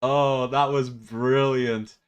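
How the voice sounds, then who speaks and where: A man's voice: medium pitch, level tone, slow pace, smooth, dull audio. A male VTuber streamer chatting casually, rambling and laughing often.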